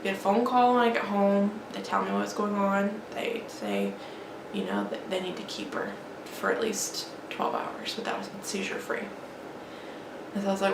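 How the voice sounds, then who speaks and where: A woman vlogger telling an emotional personal story in a halting, grieving way. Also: medium pitch, lively intonation, creaky. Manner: halting, grieving, many restarts and fillers. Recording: echoey room with faint background noise.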